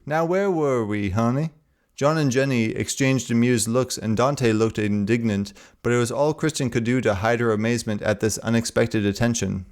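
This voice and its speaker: Clear-voiced man reading a novel. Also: medium pitch, moderate pace, few pauses. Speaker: narrator.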